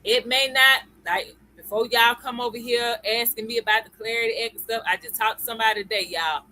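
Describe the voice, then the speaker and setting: A woman's voice: on the high side, steady tone, fairly quick, pushed and bright, slight background noise, poor audio. A woman hosting a live-stream lesson. She talks in a chatty way, greets viewers by name and keeps checking in with "okay?" and "y'all.". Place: at home computer.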